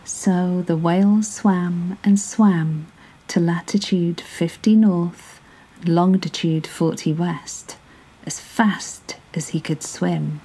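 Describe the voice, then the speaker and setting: A woman reads a bedtime story aloud, soft and unhurried, and often sinks into a whisper. Her voice is husky and dark with a fairly low pitch, and her pacing is very slow. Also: steady tone, rough recording.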